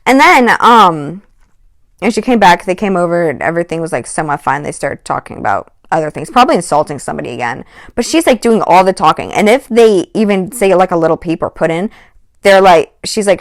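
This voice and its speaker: A woman's voice: fairly low pitch, animated, fairly quick, no room sound, studio quality. A woman vlogging a casual storytime, rambling with lots of "like" and "um" and exasperated asides. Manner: rambling, heavy on "like" and "um".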